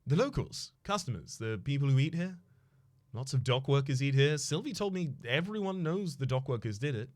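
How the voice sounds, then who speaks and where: A man voicing a gruff middle-aged male bar manager who haughtily demands money. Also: mid-range voice, lively intonation, fairly quick, a little mellow, close to an everyday voice. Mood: grumbling.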